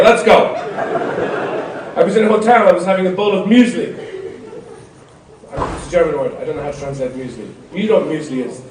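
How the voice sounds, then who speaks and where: A middle-aged comedian rambles wryly through a stand-up set, his fairly high voice breaking into loud bursts now and then. He sounds roomy and a bit distant, picked up across a big hall with noise behind him. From Ireland. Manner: rambling, wry, with sudden loud outbursts. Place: large concert hall before an audience.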